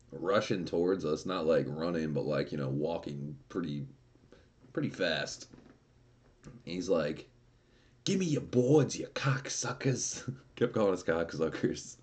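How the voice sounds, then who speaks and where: Deep-voiced profane male streamer. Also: darkish tone. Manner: profane and laughing. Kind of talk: casual storytelling while streaming.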